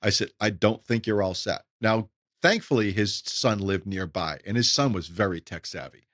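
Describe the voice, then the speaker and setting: A middle-aged man with a low voice tells a story in a casual, animated way. He restarts words often and acts out other people's lines. The sound is dry and close. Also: normal speed, no echo. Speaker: podcast host, retirement advisor.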